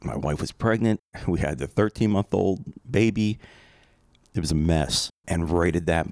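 A man's voice: sits low, normal speed, a little mellow, no echo, clean studio sound. A middle-aged man, telling a personal story as a podcast host in a conversational, reflective way with rambling asides. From Philadelphia area, USA.

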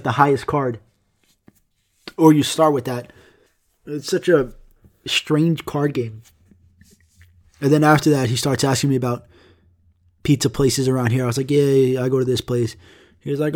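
Young guy, casual storyteller, profane and rambling, average pitch. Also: fairly quick. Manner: rambling, profane, quotes others in animated asides.

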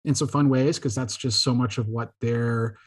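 Podcast guest, male, husky voice, animated anecdotal storyteller. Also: medium pitch, moderate pace. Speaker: guest filmmaker. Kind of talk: casual podcast interview.

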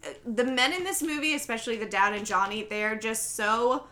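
A woman's voice: fairly high pitch, a little fast, bright, forceful tone. A young woman recapping a movie in casual podcast chat, giggly and full of fillers. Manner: chatty, giggly, lots of fillers. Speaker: podcast co-host.

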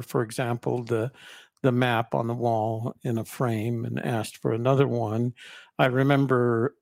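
A man co-hosting a podcast, talking about his book in a halting, reflective way. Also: mid-range voice, creaky, no room sound. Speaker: podcast co-host and author. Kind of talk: casual chat about the book.

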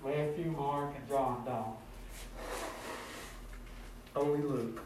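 A man preaching a sermon, sprinkling in "amen" and building to a pleading, fervent pitch. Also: fairly even intonation, drawn-out words, noisy background. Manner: rising to high, pleading fervor with frequent "amen". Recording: echoey distant room sound.

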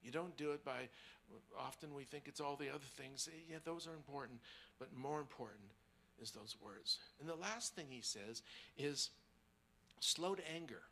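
Speaking as a guest at the pulpit, this man shares something from his own life in a mid-range voice at normal speed. His delivery moves from near-whispers up to forceful preaching, with frequent repetition of words, over slight background noise.

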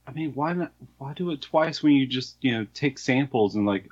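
A man's voice: mid-range voice, animated, moderate pace, a little mellow, no echo, highs cut off. A man co-hosting a podcast who breaks in with questions during the chat. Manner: interrupting, questioning. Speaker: podcast co-host. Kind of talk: casual chat.

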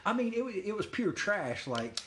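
A man's voice: high-pitched, sing-song, normal speed, a bit bright, slight background noise. A man in casual chat who talks bluntly and swears freely.

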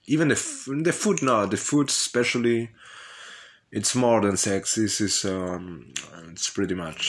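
Slow, low-voiced man rambling candidly. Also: a bit bright. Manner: hesitant and profane, with frequent laughs and fillers. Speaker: vlogger telling his life story. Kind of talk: rambling personal monologue.

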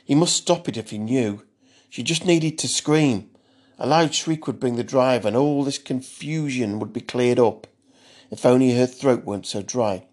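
A man narrating a thriller story in a measured, steady audiobook style. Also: mid-range voice.

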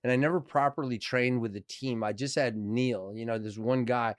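Middle-aged guy telling a wild story on a podcast, smooth clean voice, dry close sound, acts out the quotes. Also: mid-range voice, normal speed, dry recording. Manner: animated, acts out quotes with swearing. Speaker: actor guest. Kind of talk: casual storytelling.

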